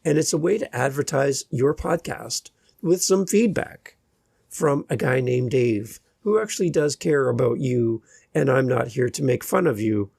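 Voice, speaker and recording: A man hosting his own podcast, talking alone in a slow, deliberate way with long pauses between phrases. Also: medium pitch, animated, gravelly, a little mellow, husky, no echo, studio quality. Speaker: podcast host and editor. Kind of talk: solo podcast monologue.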